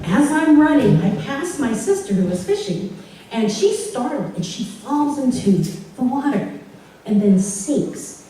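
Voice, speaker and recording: A woman telling a personal story live before a room, her voice leaping up and down as she laughs through the telling. She sounds a bit high and lively. She is heard from some way off the mic in a very echoey hall. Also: measured pace, distant mic, background noise.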